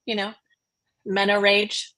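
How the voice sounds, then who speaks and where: A woman's voice: mid-range voice, completely flat delivery, slow pace, bright, forceful tone, no echo. A middle-aged woman hosting a livestream on a video call, playful and self-mocking in casual chat. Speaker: livestream host.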